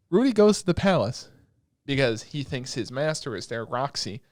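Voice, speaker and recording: A young man co-hosting a podcast, recapping anime in a rambling, excitable way with lots of filler words and swearing. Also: mid-range voice, unhurried, dry recording, studio quality. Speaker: podcast co-host. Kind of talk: casual chat recapping anime episodes.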